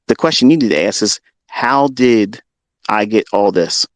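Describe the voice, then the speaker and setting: A man's voice: fairly low pitch, animated, normal speed, no room sound, rough recording. Combative swearing man ranting. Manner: combative, swearing, taunting rivals. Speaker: trading educator ranting to followers. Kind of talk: profane unscripted rant.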